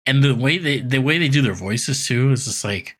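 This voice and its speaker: A man's voice: mid-range voice, lively intonation, moderate pace, fairly bright tone. A man co-hosting a podcast, casually retelling a cartoon episode in a rambling way with lots of fillers and acted-out quotes. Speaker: podcast co-host recapping an episode. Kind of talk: casual chat, animated retelling.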